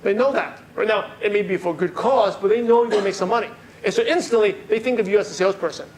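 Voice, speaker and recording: In a meeting room full of attendees, a fast-talking sales trainer with a high-sitting voice quizzes the audience and repeats their responses. Slight background noise can be heard.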